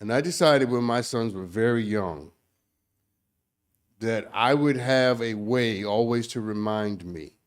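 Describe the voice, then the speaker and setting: Measured, earnest male co-host. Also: mid-range voice. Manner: measured, earnest, slows to stress points. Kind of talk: casual chat.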